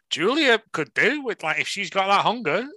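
A man chatting casually about wrestling, animated and swearing now and then. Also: sits high, measured pace, no echo. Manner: animated, swearing, restarts and laughs.

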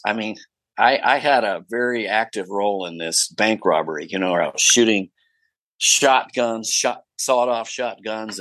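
A man being interviewed as an actor guest, telling anecdotes in an animated way. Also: lowish voice, no room sound, poor audio. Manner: animated storyteller with many fillers and restarts.

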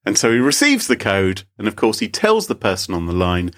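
Low husky guy cohosting a podcast, swoopy lively storyteller, chatty. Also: brisk. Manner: storytelling, animated, laughs often. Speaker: podcast co-host. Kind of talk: casual chat.

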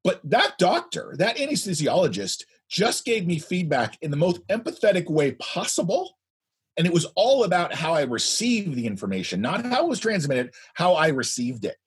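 A man in his fifties, a guest telling a story in a loud, animated way. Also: a little high, moderate pace, husky. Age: 50s. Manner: animated, speaks loudly. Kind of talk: anecdotal storytelling.

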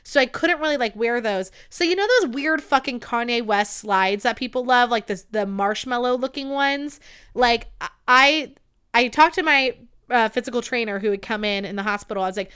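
A woman's voice: a little high, moderate pace, fairly bright tone, smooth. A young woman hosting her own podcast, telling a story in a gushing, self-mocking way, swearing freely and filling her talk with "like". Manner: gushing, profane, self-mocking, many "like" fillers. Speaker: podcast host. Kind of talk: casual storytelling monologue.

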